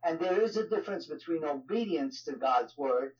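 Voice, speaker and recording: A man with a New York accent speaks as an interview guest, his voice sitting a little high. He talks loosely and conversationally, leaning on filler phrases. The audio sounds dull and lo-fi. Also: animated, moderate pace, a little mellow. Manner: conversational, frequent "you know" fillers. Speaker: guest, ministry leader. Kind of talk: casual interview talk.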